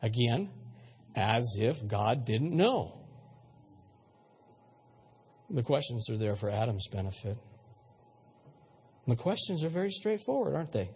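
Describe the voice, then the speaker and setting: A man's voice: medium pitch, big pitch swings, moderate pace, pauses often, a little mellow, breathy edge. A male pastor preaching a sermon, emphatic and questioning his audience, with frequent repeated words.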